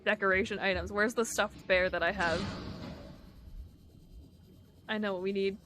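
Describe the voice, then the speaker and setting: A woman's voice: mid-range voice, steady tone, moderate pace, fairly bright tone, a little hiss or hum. A woman streamer chatting casually with her viewers while playing a game live, giggling often. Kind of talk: live-streamed gameplay chat.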